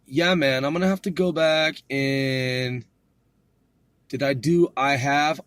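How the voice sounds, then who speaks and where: A man's voice: mid-range voice, fairly bright tone, dry recording. A man casually going over his study notes, joking and swearing as he sounds words out. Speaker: self-taught learner teaching vocabulary. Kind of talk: casual solo study podcast.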